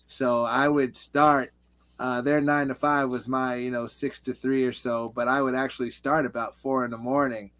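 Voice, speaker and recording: A man's voice: medium pitch, flat delivery, moderate pace, a bit bright. A man from California, a guest in a casual chat, telling stories in an easygoing way with lots of "you know" and "like". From Reseda, California.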